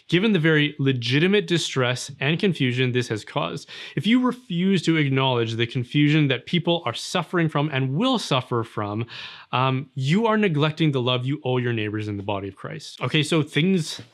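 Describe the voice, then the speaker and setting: A man's voice: a little high, fairly bright tone. A man delivering an earnest, argumentative opinion monologue on religion, now and then acting out little scenes. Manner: earnest, argumentative, with acted asides. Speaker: religious commentator.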